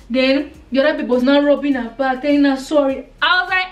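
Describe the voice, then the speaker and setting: A woman in her thirties from Nigeria with a Nigerian accent, telling a lively storytime vlog and acting out the dialogue. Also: sits high, a little fast, hardly any pauses, recorded from a distance. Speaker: vlogger.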